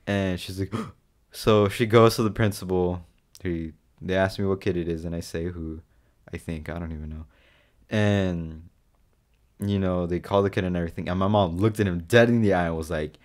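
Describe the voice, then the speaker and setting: Young man, low voice, casual podcast chat, animated storyteller, swears. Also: normal speed. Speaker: podcast co-host.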